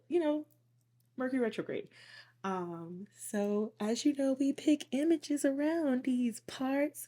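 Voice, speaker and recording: A woman with a hoarse voice giving a casual spiritual tarot reading, chatty and often asking "okay?". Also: mid-range voice, mellow. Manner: chatty, tags lines with "okay?". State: hoarse from losing her voice. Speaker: tarot reader.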